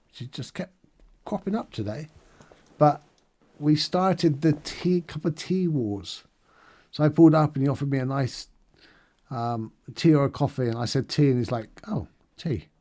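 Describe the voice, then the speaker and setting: A middle-aged man talks through his day in a relaxed video diary, upbeat and chatty. He rambles into little asides and fillers as he goes. His voice sits at an ordinary, mid-range pitch. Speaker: charity challenge fundraiser. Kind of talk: casual video diary recap.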